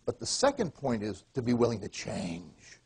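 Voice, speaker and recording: A man's voice: medium pitch, moderate pace, vocal fry, slightly rough. A man from New York giving a comic motivational keynote, joking and speaking straight to the audience. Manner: joking, animated, addresses the crowd directly.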